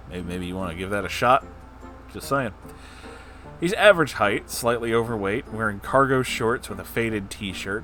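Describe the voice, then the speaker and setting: A man's voice: lowish voice, fairly bright tone. A man reading a comedy story aloud and breaking in with sarcastic, joking asides. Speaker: story reader.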